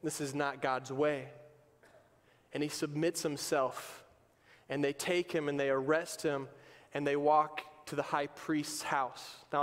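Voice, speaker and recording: A male pastor preaching a sermon in an emphatic, conversational way, in a church sanctuary. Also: fairly high pitch. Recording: long reverb of a church hall.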